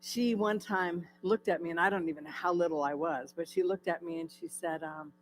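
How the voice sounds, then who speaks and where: A woman's voice: fairly low pitch, brisk, a little hiss or hum, rough recording. A woman from California giving a personal testimony to a church audience, telling her story with many fillers and asking the audience questions. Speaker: guest speaker. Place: church hall.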